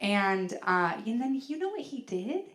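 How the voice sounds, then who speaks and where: A woman's voice: mid-range voice, big pitch swings, a little slow, fairly bright tone. A middle-aged woman performing a stand-up comedy set on a venue stage, telling rambling stories with lots of fillers and acting out other people's voices. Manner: chatty, filler-heavy storytelling with big acted-out voices.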